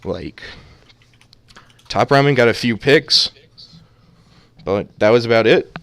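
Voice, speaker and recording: A man's voice: mid-range voice, lively intonation, slow, creaky, a bit bright, dry recording. A man casting an amateur esports match, talking casually and joking around with many fillers. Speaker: esports caster.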